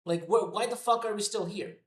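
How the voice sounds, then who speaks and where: Male streamer, foul-mouthed rant, slightly high voice, roomy echo. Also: fairly quick. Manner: profane, ranting, repetitive. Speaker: wrestling commentary streamer. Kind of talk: unscripted rant to a live chat. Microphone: headphones on.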